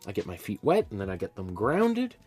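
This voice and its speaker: A man's voice: fairly low pitch, wildly swooping pitch, a little fast, a little mellow, faint music behind. A man hosting a live painting class from his studio, talking in a chatty, rambling way and often laughing at himself. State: hiccups. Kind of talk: casual live-stream teaching. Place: art studio.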